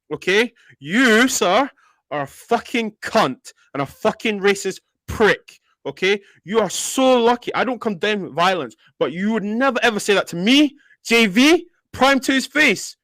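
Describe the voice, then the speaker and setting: A man's voice: high-pitched, a bit bright, dry recording. A man, calling someone out on a live-stream panel, heated and swearing. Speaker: panel member. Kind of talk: angry live-stream call-out.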